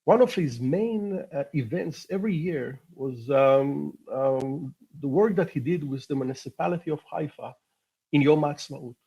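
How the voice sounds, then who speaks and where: Hesitant husky Israeli man. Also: fairly high pitch, warm tone, low-quality recording. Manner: hesitant, many drawn-out uh fillers. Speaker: rabbi, panelist. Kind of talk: personal storytelling on a live panel.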